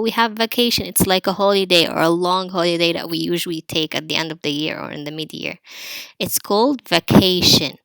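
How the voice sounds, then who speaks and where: Teacher, female, crisp bright voice, slow repeated words for kids, dry close mic. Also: fairly low pitch, dry recording. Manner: explains slowly, repeats words for pupils to say. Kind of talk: online spelling lesson for children.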